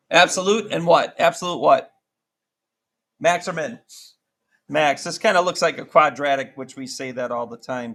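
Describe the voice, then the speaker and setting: A middle-aged man teaching a high school math class, casual and self-correcting, often asking the class questions. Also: a bit bright. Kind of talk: classroom lecture.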